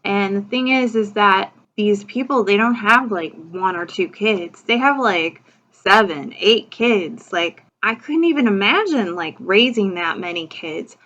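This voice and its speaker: A chatty woman talks through a true-crime case in a casual, opinionated way, filling her sentences with "like" and "you know". Her voice sits at an ordinary middle pitch. The recording is muffled and lo-fi. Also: animated, unhurried, fairly bright tone. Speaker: true-crime video host. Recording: dull lo-fi recording.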